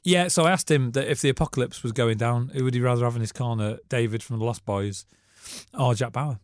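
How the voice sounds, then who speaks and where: A tired man co-hosting a chatty podcast, rattling along at a brisk clip and chuckling through dry jokes. His voice is close and dry, with no room around it, and his pitch sits right in the middle. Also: no echo. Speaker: podcast co-host, journalist. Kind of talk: casual banter.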